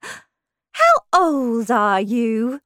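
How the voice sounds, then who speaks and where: A woman doing a fussy, high-pitched old Queen. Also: very animated, fairly bright tone, no echo, clean studio sound, exaggerated voice. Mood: theatrical. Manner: slow, high and exclamatory. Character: old eccentric female queen, fussy and dramatic.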